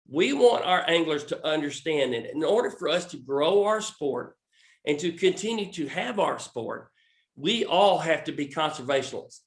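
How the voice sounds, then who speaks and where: A man with a Southern American accent, a fishing recruiting scout, explaining a recruiting program in a halting way full of restarts and fillers. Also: a little high, fairly bright tone, echoey room.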